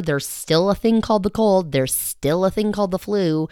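A woman hosting a casual solo podcast from a quiet home, chatting in a rambling, self-mocking way and sounding slightly short of breath. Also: on the low side, fairly quick, hardly any pauses, clear, resonant tone, no room sound, clean studio sound. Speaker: podcast host. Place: quiet home in the early morning.

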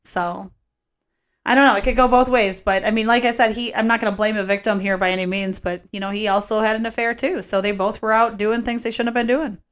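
A woman's voice: medium pitch, steady tone, quick pace, smooth. A woman co-hosting a casual true-crime podcast, rambling and chatty, her words a little slurred from coughing. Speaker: podcast co-host.

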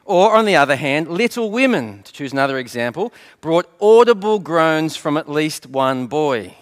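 A middle-aged man preaching a sermon as pastor, telling light stories with gentle humour and posing rhetorical questions he answers himself. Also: a little high, expressive, moderate pace.

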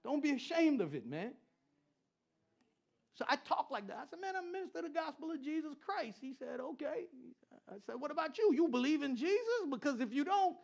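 A middle-aged man preaching a sermon as pastor, animated, repeating phrases and joking with the congregation. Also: very high voice, brisk, gravelly. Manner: animated preaching with repetition and crowd banter. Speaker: pastor and Christian rapper.

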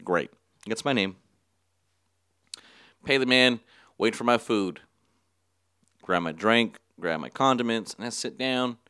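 A man's voice: mid-range voice, takes it slowly, long pauses, pushed and bright, smooth, no room sound, studio quality. A young man hosting a casual solo podcast, rambling through a story with frequent laughs and offhand swearing. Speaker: podcast host. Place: small studio.

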